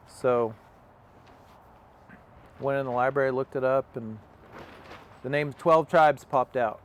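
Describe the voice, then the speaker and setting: A young man tells his story in a relaxed, rambling way, full of fillers and quoted dialogue. His voice sits at a middle pitch. The recording was made outdoors and has a faint hum of background noise. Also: unhurried, long pauses. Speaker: interview guest. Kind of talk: casual storytelling. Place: outdoors on a farm.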